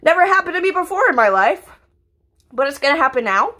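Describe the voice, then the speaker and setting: A woman's voice: high voice, sing-song, a little fast, bright, forceful tone, slight background noise. A young woman vlogging in a casual, rambling monologue, swearing often and packing her talk with fillers. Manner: profane, ranting, filler-heavy.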